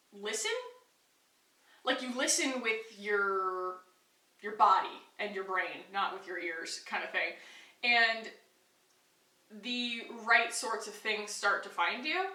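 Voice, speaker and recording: A woman's voice: medium pitch, pushed and bright. A young adult woman vlogger telling a personal story in a chatty, rambling way, full of fillers. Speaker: beauty vlogger. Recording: echoey room, a bit far from mic.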